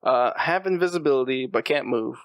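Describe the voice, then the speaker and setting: A man's voice: mid-range voice, brisk, clear, resonant tone, no room sound. A man co-hosting a casual podcast, reading out questions and playfully arguing for his picks.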